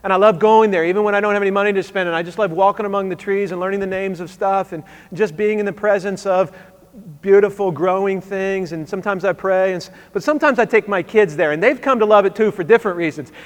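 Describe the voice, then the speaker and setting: A man's voice: high-pitched, quick pace, in a large hall. A man in his thirties, a pastor telling a story in a sermon, conversational with wry asides.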